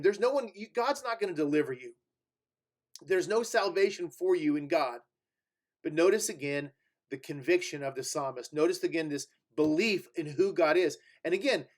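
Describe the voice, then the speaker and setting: A man's voice: high-pitched, animated, moderate pace. A male preacher teaching through scripture in a conversational sermon, reading verses aloud and stressing key words, with fillers and restarts. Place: church sanctuary.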